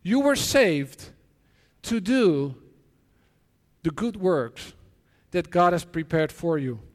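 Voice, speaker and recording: High-voiced man preaching in a reverberant hall. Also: sing-song. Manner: earnest, halting storytelling with frequent restarts and repeated words. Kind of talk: sermon with personal stories and prayer. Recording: long reverb of a large hall.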